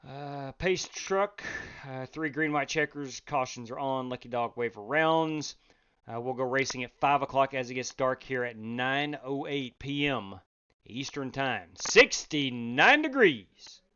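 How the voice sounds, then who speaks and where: A man hosting a sim racing league live stream, chatting casually, reading out chat and breaking into loud exclamations. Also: mid-range voice, smooth, muffled recording. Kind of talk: live-stream race commentary.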